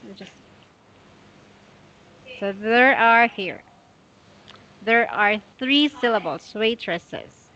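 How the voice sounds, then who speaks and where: A woman tutoring English one-on-one, patiently and slowly correcting a student's pronunciation. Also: a little high, pushed and bright, slight background noise. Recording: dull lo-fi audio.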